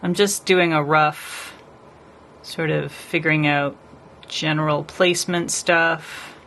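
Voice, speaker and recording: A woman's voice: deep voice, steady tone, takes it slowly, fairly bright tone, slight background noise. A woman nail artist chatting casually with her live stream viewers as she paints, rambling and talking to the chat.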